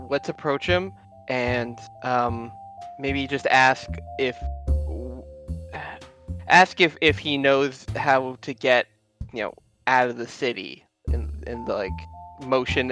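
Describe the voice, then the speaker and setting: Man, tabletop player, bright voice, rambling, restarts, faint music. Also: mid-range voice. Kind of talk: tabletop game play.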